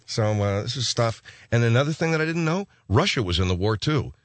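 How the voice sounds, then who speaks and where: A man's voice: mid-range voice, expressive, brisk. A man hosting a radio talk show, rambling in a casual, offhand monologue full of restarts from a studio.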